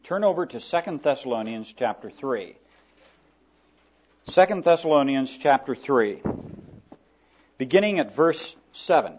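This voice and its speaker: A man preaching a sermon in a church, reading scripture slowly and then talking plainly to the congregation. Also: on the high side, animated, a little mellow, muffled recording.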